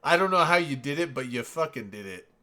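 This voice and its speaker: Animated guy laughing a lot with friends, swears, voice bounces all over. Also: fairly high pitch, fairly quick. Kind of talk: casual group chat.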